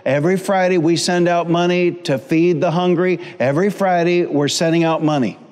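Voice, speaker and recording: Pastor preaching in echoing church. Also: male voice, on the high side, fairly even intonation, normal speed, a little mellow. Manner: preaching with humor and repetition, calls for audience responses. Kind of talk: sermon. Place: church sanctuary. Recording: long church hall reverb.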